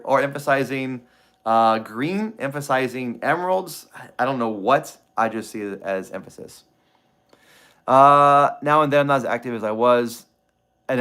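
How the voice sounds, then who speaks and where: Man streaming, reading clues aloud, halting restarts, answers chat, mid pitch. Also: a bit bright. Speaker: treasure-hunt book streamer. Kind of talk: casual livestream chat reading a book aloud.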